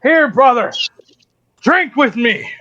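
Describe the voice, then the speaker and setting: A man voicing a big, boisterous male bear who runs a tavern, loud and jovial. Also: very high voice, lively intonation, slow pace, pitched above the performer's own voice, full character voice. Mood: hearty. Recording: dull lo-fi sound.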